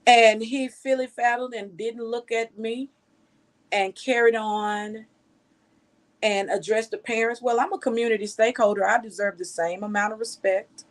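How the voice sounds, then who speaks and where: A woman's voice: on the high side, fairly even intonation, normal speed. A woman journalist giving outspoken, scolding news commentary full of rhetorical questions.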